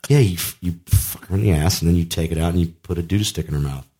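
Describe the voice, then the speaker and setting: A teasing, foul-mouthed man at middle pitch. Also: racing, warm tone, slightly rough. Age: middle-aged. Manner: teasing, profane, rambling with restarts. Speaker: podcast co-host. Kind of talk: crude, joking casual chat.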